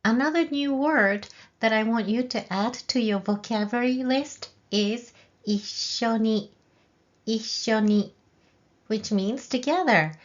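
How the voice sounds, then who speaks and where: In a muffled recording, a mid-range female voice leads a video language lesson at a slow, clear pace. Her grammar explanations go step by step, and she demonstrates sample phrases in a rising, questioning tone for students to echo.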